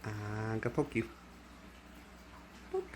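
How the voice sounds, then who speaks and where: A man's voice: on the low side, slow, noisy background. A man chatting playfully to his pet bird at home in a kitchen, using sing-song baby talk and laughing often.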